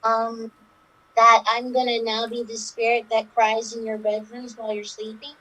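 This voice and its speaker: A woman's voice: on the high side, monotone, normal speed, sharp tone, rough recording. A woman voicing the aggrieved ghost of a little girl in an improv game. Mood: spooky. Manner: aggrieved, accusing.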